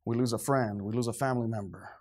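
A man preaching a sermon, animated and dramatic, acting out scenes and swinging from quiet, low passages to shouted ones. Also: quick pace.

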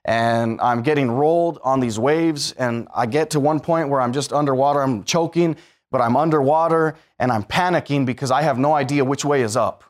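In this sermon, the preacher's voice sits in the middle range as he shares a story about himself. Soft, slow sections give way to fast, loud, rising ones, and back again.

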